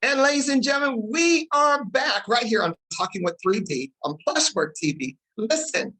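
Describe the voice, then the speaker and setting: A woman hosting a talk show, excited and emotional as she introduces her guest. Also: on the high side, poor audio. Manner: excited, fast-talking, emotional.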